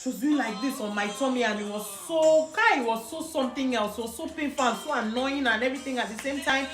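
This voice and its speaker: A Nigerian woman telling a personal story in casual, animated talk, laughing often and mixing in pidgin. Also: sits high, quick pace. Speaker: vlogger. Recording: echoey room with music behind.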